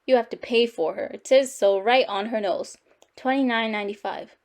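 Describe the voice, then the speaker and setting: A woman's voice: fairly high pitch, normal speed, close to an everyday voice. A woman voicing a pushy male store cashier, blunt and insistent.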